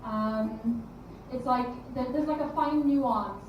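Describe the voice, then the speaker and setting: A high-pitched young woman doing stand-up comedy in a club, chatty and self-deprecating, with lots of ums and restarts. Her voice reaches the mic from a distance and echoes around a big room, with an audience murmuring and a faint hiss behind her. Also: slow pace, lo-fi sound. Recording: echoey room, mic heard from afar, crowd.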